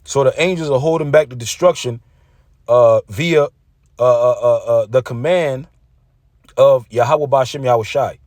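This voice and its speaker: A man's voice: medium pitch, moderate pace, a little mellow, dry recording. Man, preacher, combative, scripture reading, dry recording. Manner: combative, reads scripture aloud, mocking rivals. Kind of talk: street-preacher sermon video.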